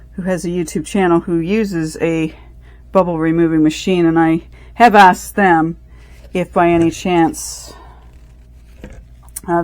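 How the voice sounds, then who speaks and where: Woman crafter, casual running commentary, slightly low pitch, dry close sound, rambling. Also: dry recording. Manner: rambling, self-correcting, thinking aloud. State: out of breath. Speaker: resin crafter.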